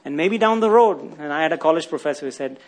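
A man's voice: a little high, lively intonation, fast. A man preaching a sermon, often asking his listeners rhetorical questions and tagging lines with "isn't it?".

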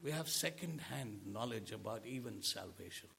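A man's voice: on the low side, expressive, normal speed, vocal fry, sharp tone, a little hiss or hum. A man preaching a sermon to a congregation, asking them rhetorical questions. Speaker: pastor.

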